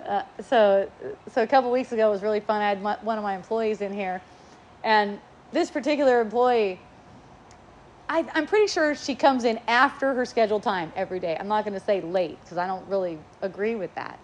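A woman's voice: medium pitch, fairly quick, a little hiss or hum. A middle-aged woman giving a casual spiritual talk, playful and laughing often as she acts out what people say to her.

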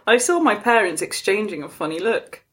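Woman co-host, mid-pitched, reads aloud through giggles, casual banter. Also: fairly bright tone. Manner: laughs often while reading aloud. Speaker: podcast co-host. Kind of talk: casual chat, reading an article aloud.

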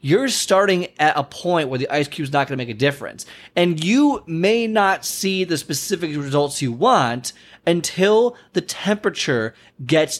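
A young male fitness coach talks straight to camera in a motivational style, with a fairly high-pitched voice. He speaks with emphasis and circles back to repeat his points. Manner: animated, emphatic, repeats phrases.

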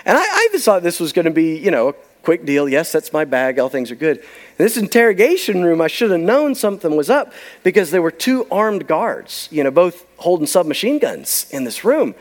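Man, high pitch, pastor, emphatic sermon storytelling, trails into near-whispers. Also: very animated, moderate pace.

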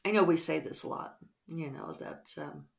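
Low gravelly-voiced woman musing. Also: huge pitch swings, moderate pace. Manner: reflective, rambling with soft fillers. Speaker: author. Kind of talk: casual morning vlog.

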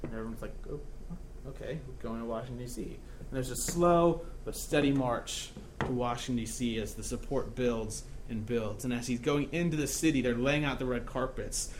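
A man's voice: mid-range voice, moderate pace, a little hiss or hum. Joking, chatty male preacher. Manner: joking, conversational, checks in with "right?". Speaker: pastor. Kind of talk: sermon.

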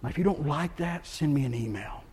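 A man's voice: fairly high pitch, lively intonation, a little fast, a little hiss or hum. Impassioned male pastor preaching a sermon. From United States. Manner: impassioned preaching, swings from quiet to loud. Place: church sanctuary.

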